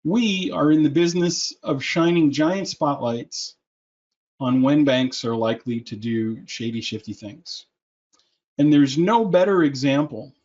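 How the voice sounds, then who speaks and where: A man's voice: mid-range voice, a little mellow. A man presenting a webinar in a persuasive, salesy way, with joking asides, over a computer mic. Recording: muffled lo-fi audio.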